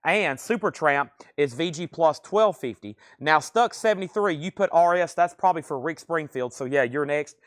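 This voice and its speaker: Male auctioneer, brisk sales patter, slightly high voice. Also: expressive, fairly bright tone. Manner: brisk salesman patter, calling prices and bids. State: out of breath. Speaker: livestream record auctioneer. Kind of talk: live sales stream patter.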